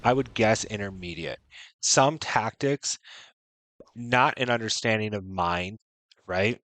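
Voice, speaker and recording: Streaming a strategy game, a man with a lowish, slightly bright voice talks slowly with no echo. His casual commentary is frank and chatty, peppered with "right?" and "you know."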